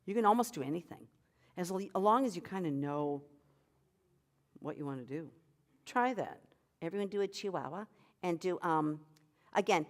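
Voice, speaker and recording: A woman's voice: lowish voice, animated, normal speed, long pauses, soft background music. A woman vocal coach leading a voice workshop. She encourages the group and demonstrates sounds and short sung phrases for them to copy.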